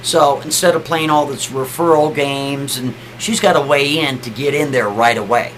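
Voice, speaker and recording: A man's voice: medium pitch, normal speed, a bit bright, a little hiss or hum, low-quality recording. A man telling a story casually, chatty, often tagging sentences with a questioning aside. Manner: chatty, keeps adding "right?".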